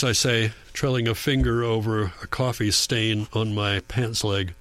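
A man reading a first-person audiobook in a quiet, measured, reflective way. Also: fairly low pitch, flat delivery, dry recording. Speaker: audiobook narrator. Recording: dry booth with faint mains hum.

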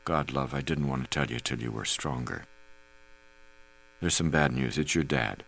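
A man voicing a gentle, worried husband who speaks quietly and tenderly. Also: extremely low pitch, moderate pace, vocal fry, voice pushed down, exaggerated voice.

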